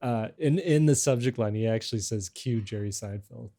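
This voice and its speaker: A man's voice: mid-range voice, moderate pace, mellow. A middle-aged man hosting a casual podcast chat, talking in a rambling, hesitant way with many restarts. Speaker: podcast host.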